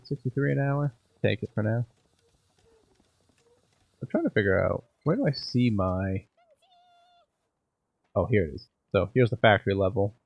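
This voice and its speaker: A man's voice: on the low side, creaky, breathy edge, no room sound, lo-fi sound. A man casually commenting while playing a game, thinking aloud and joking about himself. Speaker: gaming channel host. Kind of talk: let's play commentary.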